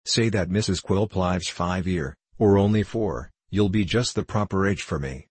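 A man's voice: low voice, normal speed, a little mellow, breathy edge, no echo. A man doing a leering, cruel dwarf. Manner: wheedling then savagely threatening. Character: leering, cruel, gleeful grown male dwarf.

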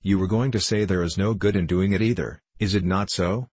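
A man's voice: low voice, fairly even intonation, fairly quick, darkish tone, husky. A man reading the part of a shrewd, teasing musketeer captain who gives orders. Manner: bantering, commanding.

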